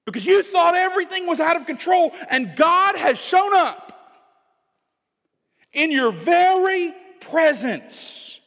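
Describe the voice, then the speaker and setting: A preacher voicing a divine man calming his followers. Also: very high-pitched, slow pace, pitched above the performer's own voice, full character voice. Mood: urgent, reassuring. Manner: emphatic, urgent preaching delivery. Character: calm commanding divine man reassuring frightened followers. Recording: long reverb of a large hall.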